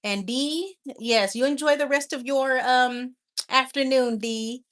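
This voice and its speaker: A woman's voice: sits high, slow pace, a bit bright. A woman hosting a casual livestream, chatting affectionately with viewers and laughing often. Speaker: livestream host.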